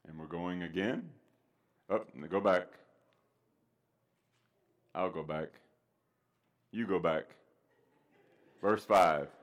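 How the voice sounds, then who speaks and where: A man preaching a Sunday sermon in a somewhat low voice. He talks loosely with ums and restarts between points. When he reads scripture he turns slow, loud and emphatic. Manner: conversational with fillers, rising to loud emphatic scripture reading.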